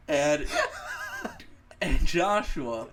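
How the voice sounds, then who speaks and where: A man's voice: high-pitched, creaky, background noise. A young man co-hosting a podcast, telling a story in casual chat. He swears a lot and laughs as he tells it. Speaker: podcast co-host.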